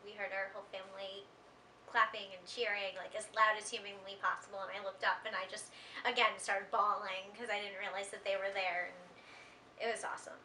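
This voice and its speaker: A woman telling a story with excitement, acting out what others said. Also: medium pitch, a little fast, slight background noise. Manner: excited and animated, acts out quotes. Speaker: interviewee. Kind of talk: casual storytelling. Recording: roomy and distant from the mic.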